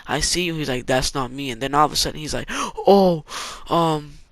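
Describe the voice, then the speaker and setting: A man's voice: a little high, steady tone, quick pace, sharp tone, no echo. A young man from California telling a rambling story about an online threat, loose and full of fillers and slang. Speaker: gaming vlogger. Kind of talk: casual story-time vlog.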